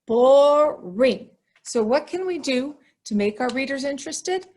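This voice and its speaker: A woman teacher giving an upbeat writing lesson to young students, explaining slowly and stressing key words. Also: high-pitched, expressive, a little mellow.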